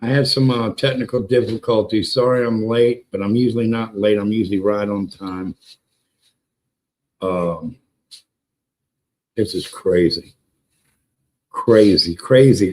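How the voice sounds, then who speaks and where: A man hosting a casual livestream, excitable and profane, greeting chatters by name and repeating words for emphasis. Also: mid-range voice, poor audio. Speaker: livestream host. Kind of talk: casual live-stream chat with viewers.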